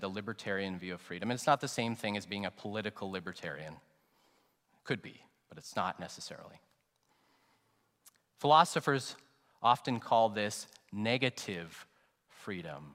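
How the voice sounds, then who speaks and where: Man preaching in a reverberant hall. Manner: dynamic preaching, swinging between loud emphatic peaks and soft low trailing phrases. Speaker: pastor. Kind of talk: sermon.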